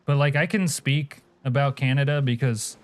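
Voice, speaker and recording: This is a man from Alaska streaming a game, joking around crudely with his viewers, cursing, answering chat and laughing often. His voice is clear and resonant, medium in pitch, at a normal speed.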